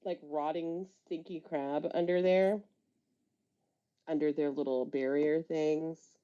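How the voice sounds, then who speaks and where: A woman's voice: low-pitched, steady tone, slow pace. A woman telling a long story in casual chat, swearing and laughing as she rambles. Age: adult with a son. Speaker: storyteller on a live talk stream. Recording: dull lo-fi audio.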